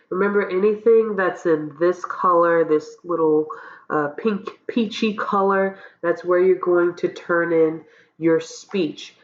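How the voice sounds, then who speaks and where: A low-voiced woman who teaches college public speaking sounds stuffy with a cold as she casually walks through course assignments. It's a recorded walkthrough lecture full of ums and frequent "okay?" check-ins, captured in a roomy, dull lo-fi recording.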